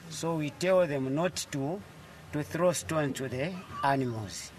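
Man speaking slowly in an interview. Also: a little high, background noise. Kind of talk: interview answers.

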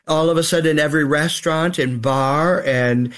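A man's voice: on the high side, normal speed, a bit bright. Older man, theatrical and wistful. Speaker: drag performer guest. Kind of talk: radio interview.

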